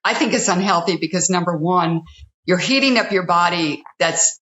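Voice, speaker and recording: A fitness TV host appears as a guest in a casual interview, speaking earnestly and going through her points one by one. She has a lowish, slightly bright voice and talks at a normal speed. The recording is roomy and slightly dull.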